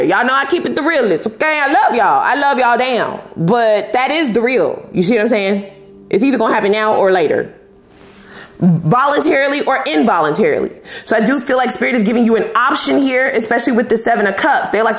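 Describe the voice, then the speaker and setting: Speaking briskly in a slightly high voice, a tarot reader addresses the camera in an echoey room. She is blunt and lively, swearing freely and leaning hard on slang during her laid-back reading.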